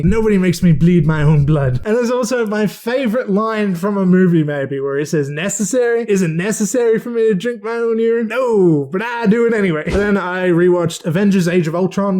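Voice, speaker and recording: A man talking through his recent movie watches in a relaxed, chatty way, dropping swear words freely. His voice sits a little higher than most men's and has a mellow, soft tone. He sounds enthusiastic about films. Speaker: film vlogger. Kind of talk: casual movie recap.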